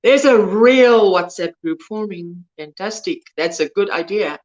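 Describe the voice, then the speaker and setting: Here the crochet stream host, a native Afrikaans speaker from South Africa, speaks at a medium pitch and an unhurried pace over lo-fi audio. She rambles chattily through viewer comments and loses her words partway through sentences.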